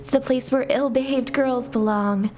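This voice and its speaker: A cruel, possessive game girl who scolds and threatens, set a little high and cutting, as a woman plays her over a faint music bed. she never lets up on her menace. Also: fairly even intonation, normal speed, natural voice. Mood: menacing. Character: jealous possessive girl villain.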